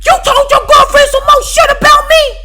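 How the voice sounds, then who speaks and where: A woman voicing a furious older woman cellmate who yells accusations at the top of her lungs. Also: fairly even intonation, moderate pace, faint music behind. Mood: yelling. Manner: yelling, shrill accusations.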